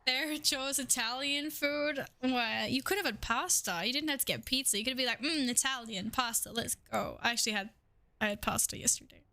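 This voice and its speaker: Bright, playful young woman streamer. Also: high voice, moderate pace, no room sound. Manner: playful, swears freely, laughs often. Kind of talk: casual live-stream chat.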